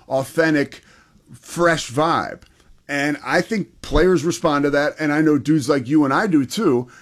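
A man with a fairly high voice hosting a sports talk show, his pitch rising and falling with enthusiasm. He recounts chats with players and coaches in an easy, conversational way. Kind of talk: college football talk.

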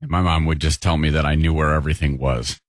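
A man's voice: a bass voice, steady tone, quick pace, dry recording. A man co-hosting a casual radio chat with dry, wry quips. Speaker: co-host.

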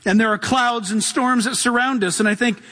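A man, a pastor, preaching a sermon with lively delivery and acted-out voices. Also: very high-pitched, normal speed, long reverb tail.

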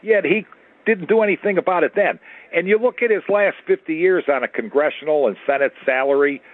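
Guy calling into talk radio, fed up, husky voice over a tinny phone line. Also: fairly high pitch, brisk, no room sound. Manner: indignant, plain-spoken. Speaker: caller.

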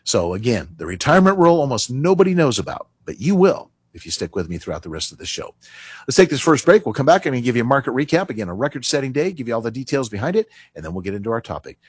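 A man's voice: mid-range voice, sing-song, quick pace, slightly rough, no echo. A man hosting a radio finance talk show, explaining retirement rules in an emphatic, conversational way. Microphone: studio microphone.

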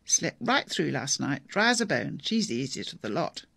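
Narrator doing a kind husband, soft and affectionate, gravelly, dry sound. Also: male voice, mid-range voice, big pitch swings, normal speed, no room sound, exaggerated voice. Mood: gentle. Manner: gentle, affectionate. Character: gentle, reassuring husband.

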